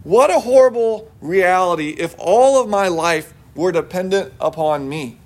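High-voiced male pastor preaching conversationally. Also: expressive, a little slow. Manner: earnest, conversational preaching with personal stories. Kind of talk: sermon.

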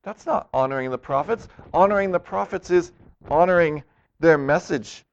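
A man's voice: a little high, moderate pace, creaky. A man preaching a sermon as a pastor, earnest, acting out the voices he quotes. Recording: dull lo-fi recording.

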